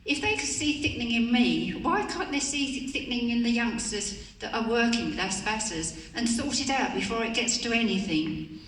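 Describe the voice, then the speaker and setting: A woman's voice: on the high side, animated, moderate pace, fairly bright tone, distant mic, a little hiss or hum. An older woman giving an earnest, pleading personal speech to a conference audience. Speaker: conference speaker. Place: conference hall. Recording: roomy hall recorded from afar.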